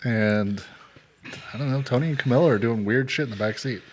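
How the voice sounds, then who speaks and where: A man's voice: mid-range voice, fairly quick, background noise. A man co-hosting a casual podcast, laid back, walking through events step by step. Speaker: podcast co-host. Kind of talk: casual chat recapping a reality show.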